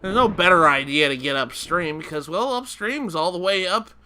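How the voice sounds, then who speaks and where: A man's voice: high-pitched, lively intonation, normal speed, sharp tone, a little hiss or hum. Chuckling man narrating a game. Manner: rambling, chuckling explanations with restarts. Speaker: let's play host. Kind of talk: casual gameplay commentary.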